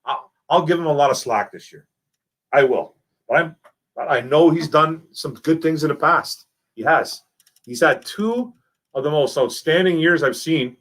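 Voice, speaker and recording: A young man hosting a casual live stream, reading chat messages and talking football in a lively, repetitive way, calling people man and bro. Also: fairly high pitch, breathy edge. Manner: animated, repeats himself, calls people man and bro.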